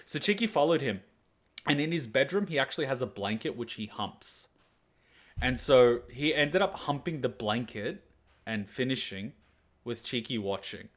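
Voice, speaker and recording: A man's voice: medium pitch, animated, moderate pace, fairly bright tone. A young man, a reaction channel host, telling a long, rambling, profane story in casual chat and laughing often. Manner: rambling, profane, laughs a lot, acts out voices.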